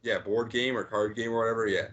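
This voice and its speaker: A man's voice: lowish voice, fairly even intonation, fast talker, a bit bright. A man co-hosting a casual chat, blunt and swearing. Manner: blunt, swears, says "bro" and "eh". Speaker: podcast co-host.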